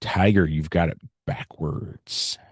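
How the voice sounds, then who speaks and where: A man's voice: deep voice, takes it slowly, vocal fry, husky, dry recording, studio quality. A male teacher giving a casual, explanatory science lecture on a video call, often checking in with "right?" and "okay?". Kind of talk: online class lecture.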